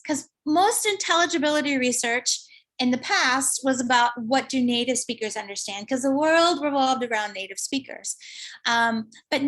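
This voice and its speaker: A woman giving an online lecture, explaining slowly and thinking aloud with fillers. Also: sits high, a bit bright.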